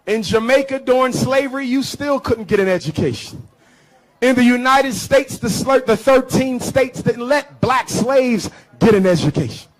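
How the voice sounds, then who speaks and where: A man giving an impassioned public speech to an audience in a rhythmic preaching cadence, punching key phrases with shouts. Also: very high-pitched, poor audio. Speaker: public speaker. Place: live event before an audience.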